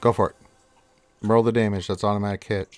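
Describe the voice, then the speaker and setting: Guy dm-ing a tabletop game, kinda low voice, dry close sound, faint music behind, loose and chatty. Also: little pitch movement, quick pace, no room sound. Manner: casual, laughs often, fillers while narrating. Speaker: dungeon master.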